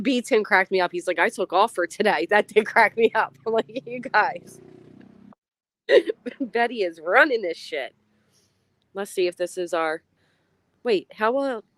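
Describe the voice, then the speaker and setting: A woman's voice: medium pitch, normal speed, a bit bright, dry recording. A woman hosting a casual livestream, chatting and greeting viewers by name. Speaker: livestream host. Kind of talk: casual live-chat commentary.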